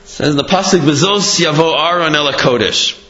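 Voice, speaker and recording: Man giving a Torah lesson, slightly high voice. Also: moderate pace, sharp tone. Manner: rhetorical questions, hesitant fillers, talks through examples. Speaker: Torah teacher. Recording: dull lo-fi audio.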